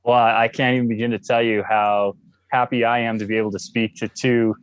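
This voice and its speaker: A man's voice: medium pitch, level tone, brisk, smooth, dry recording, dull audio. Playful Canadian man, dry close sound. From Alberta, Canada. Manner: theatrical, wordy and playful. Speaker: guest, actor and author. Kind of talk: casual interview chat.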